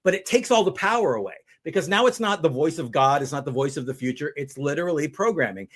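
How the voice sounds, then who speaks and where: A middle-aged man, a mind power speaker, explaining his method step by step with energetic examples. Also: fairly high pitch, quick pace. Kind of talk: conversational teaching.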